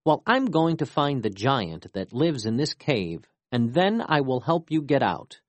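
A storyteller voicing a boastful male coyote trickster, eager and quick to brag. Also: mid-range voice, sing-song, dry recording.

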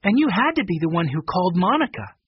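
A sharp teenage girl detective, as a male storybook narrator puts her on, pitched well above the reader with a breathy tone. She questions and accuses firmly. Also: very animated, quick pace, dry recording, dull audio, full character voice.

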